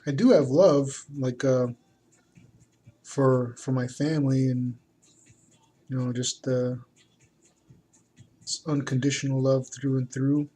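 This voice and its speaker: A man's voice: medium pitch, fairly even intonation, slow, long pauses, dark tone, breathy edge. A man talking casually while he draws, rambling and hesitant, with many fillers and restarts. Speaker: artist. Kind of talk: casual talk while drawing.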